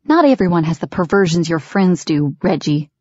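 A woman's voice: on the low side, expressive, normal speed, a little mellow, no echo. A woman reading as a frightened but defiant young woman in an audiobook, snapping back at her threatening father. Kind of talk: audiobook character voice. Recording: dry, dull lo-fi recording.

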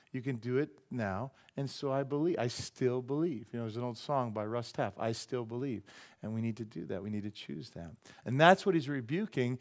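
A pastor preaching in a church with a mid-pitched voice. He talks loosely and with humor. He slips into short acted voices for the people he describes. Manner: animated, acts out voices and jokes with the congregation. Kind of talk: sermon.

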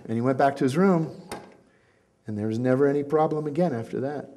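A man's voice: mid-range voice, brisk. A middle-aged man telling stories at a community talk, acting out the quotes as he goes. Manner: animated storyteller acting out quotes. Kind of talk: storytelling talk.

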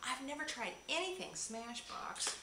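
A woman's voice: high-pitched, big pitch swings, a little slow. A woman vlogger gushing over a box of gifts, gasping and exclaiming with delight as she unwraps each item. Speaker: beauty vlogger. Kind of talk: excited unboxing chat. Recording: echoey room with clear background noise.

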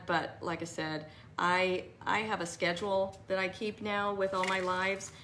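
A woman's voice: mid-range voice, a bit bright, a little hiss or hum. A woman hosting a live craft tutorial, chatting and rambling as she answers viewers by name.

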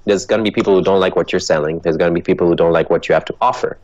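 Man guest, low voice, transatlantic accent, earnest and animated, dull dry recording. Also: racing, no room sound. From Ethiopia. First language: Dutch. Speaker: guest, actor and comedian. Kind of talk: motivational interview answers.

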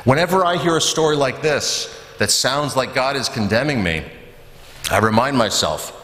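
A man voicing a kind, chatty churchwoman who explains things gently, recorded in an echoey church. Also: mid-range voice, animated, moderate pace, close to an everyday voice. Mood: explaining. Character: warm, chatty middle-aged churchwoman. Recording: echoey church with long reverb.

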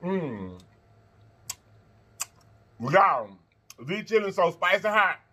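A man hosting an eating-show vlog, chatting to viewers between bites, animated and quick to laugh. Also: high voice. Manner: animated, talks straight to viewers, laughs and chants; talks while eating and blowing on hot food. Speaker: mukbang host.

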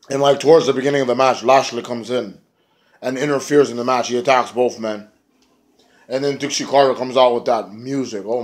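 Rambling casual male wrestling reviewer. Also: medium pitch. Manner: rambling, profane, lots of "like". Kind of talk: casual recap.

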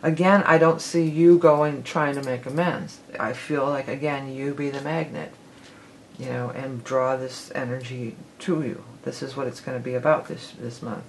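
A woman's voice: extremely low pitch, steady tone, moderate pace, a little hiss or hum, poor audio. A woman giving a casual tarot forecast, rambling and correcting herself as she goes, with the odd laugh. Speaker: tarot reader.

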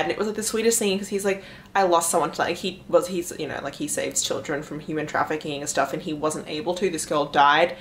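A young woman vlogging about books she is reading, chatting casually and gushing, with "like" in nearly every phrase, swinging from hushed to excited. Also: on the low side, brisk, slight background noise. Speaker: book vlogger. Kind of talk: casual chat.

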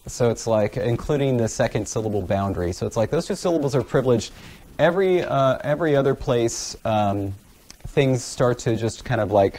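A man's voice: fairly low pitch, a little mellow. A man giving an academic lecture with slides, talking in a casual, self-deprecating way with many fillers. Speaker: guest lecturer.

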